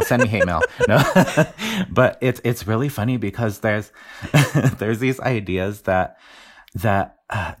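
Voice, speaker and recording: Deep-voiced man explaining with enthusiasm. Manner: enthusiastic, laughs often, restarts words. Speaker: linguist guest. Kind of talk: casual explanatory chat.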